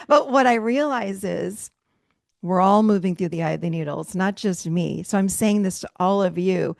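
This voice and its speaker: A middle-aged woman coaching a virtual mastermind group, emphatic and animated, laughing often as she teaches over a video call. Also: mid-range voice, moderate pace, vocal fry, dry recording, clean studio sound. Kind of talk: live motivational teaching.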